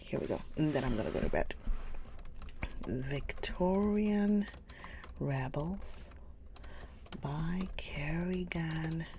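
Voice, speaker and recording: A woman hosting a live stream, chatting casually with viewers, gushing over books and often slipping into a soft whisper. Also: sits low, noisy background. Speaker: livestream book reader host. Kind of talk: casual livestream chat.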